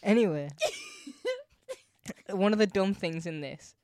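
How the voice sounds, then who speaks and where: A woman's voice: medium pitch, slow, warm tone, no room sound. A woman co-hosting a podcast in casual chat, often laughing and mimicking scenes. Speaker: podcast co-host.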